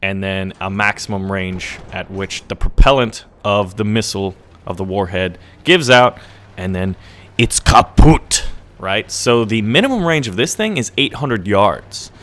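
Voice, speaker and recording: Man, young adult, lowish voice, gameplay commentary, rambling, excitable, desk mic. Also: normal speed. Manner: chatty, rambling, excitable, often asking "right?". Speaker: gaming channel host.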